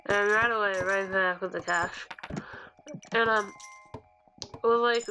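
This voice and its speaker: A woman's voice: mid-range voice, steady tone, unhurried, long pauses, bright, forceful tone, faint music behind, rough recording. A young woman telling a ranting story while gaming, swearing and acting out what people said. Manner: ranting, swears, acts out quotes. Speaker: gaming vlogger. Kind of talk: casual storytelling over gameplay.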